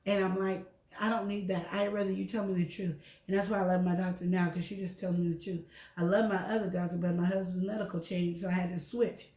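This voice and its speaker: A woman's voice: mid-range voice, reverberant. A middle-aged woman co-hosting a show, chatting candidly about her health and telling stories with acted-out dialogue. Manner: candid, animated storyteller acting out dialogue. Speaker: show co-host. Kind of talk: casual health chat.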